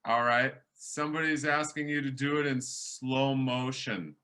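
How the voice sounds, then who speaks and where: A man's voice: mid-range voice, steady tone, a little slow, bright, forceful tone. A man hosting a workshop as a professor, chatting casually with many restarts and fillers.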